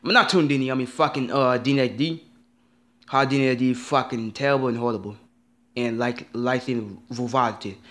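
A man's voice: mid-range voice, steady tone, normal speed, a bit bright. A man ranting in a vlog, upset and rambling, repeating himself and swearing often. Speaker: vlogger.

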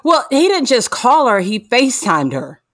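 A woman's voice: on the high side, very animated, normal speed. A woman guest in a casual chat, blunt and joking, swearing freely. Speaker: podcast guest.

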